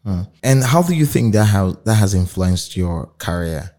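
Low, mellow-voiced male interviewer. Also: lively intonation, moderate pace. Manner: brief encouraging interjections and questions. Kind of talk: casual interview.

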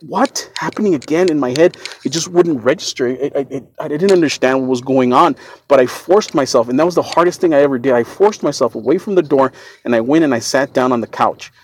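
A podcast host tells a first-person story in an earnest, shaken way, frequently repeating and restarting his words. His medium-pitched voice is brisk, with slight background noise.

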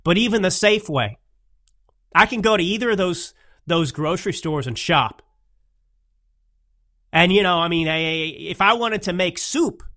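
Young male podcast host, bright slightly high voice, rambling emphatic monologue. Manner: rambling, emphatic, with restarts and asides. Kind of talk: casual political commentary monologue.

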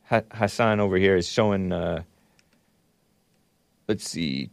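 A man's voice: deep voice, slow pace, gravelly, clean tone, no room sound. A man hosting a talk show, giving casual commentary on news clips with wry, chuckling asides. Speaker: show host.

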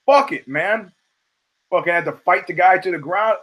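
A man from the United States hosts a casual monologue, swearing freely and acting out the voices in his stories. His voice sits a little higher than most men's, and he talks with animated energy. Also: moderate pace, low-quality recording. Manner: profane, animated storyteller who acts out quotes. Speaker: show host.

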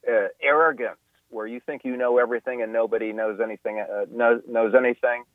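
A man's voice: medium pitch, steady tone, fairly quick, no echo. Male guest expert on a tinny phone line, lots of restarts, dry sound. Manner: explanatory, with frequent restarts and fillers. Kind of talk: radio interview. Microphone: telephone.

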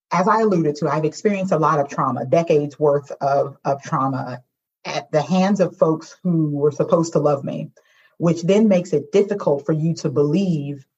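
A woman's voice: sits low, a little mellow, breathy edge, lo-fi sound. A woman guest on a podcast, a poet and singer, speaking emotionally and expressively and turning to address listeners. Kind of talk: heartfelt conversation.

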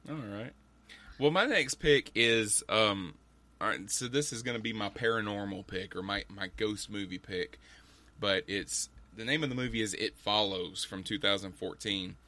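Low-voiced man with a bright, forceful tone. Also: moderate pace. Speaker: podcast co-host. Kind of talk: casual chat about movies.

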